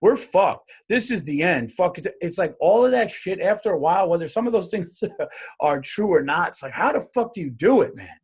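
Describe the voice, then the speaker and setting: A man's voice: sits high, a little fast, husky. A man hosting his own comedy podcast, ranting in a profane, rambling solo monologue. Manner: profane, rambling, animated rants.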